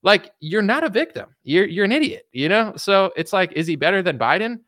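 Casting note: male commentator, sarcastic and blunt, lively up-and-down delivery, dry close sound. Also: sits high, a little fast, no echo. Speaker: political commentator. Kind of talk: casual opinion rant.

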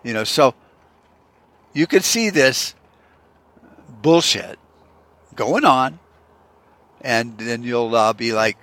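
A man's voice: medium pitch, lively intonation, slow pace, pauses often, fairly bright tone. Sarcastic profane podcast man ranting. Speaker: podcast host. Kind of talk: profane monologue rant.

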